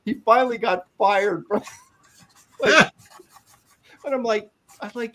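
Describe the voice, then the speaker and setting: Man, slightly higher voice, amused, relaxed anecdotes, casual chat. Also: measured pace. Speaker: co-host artist. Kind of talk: casual chat while drawing.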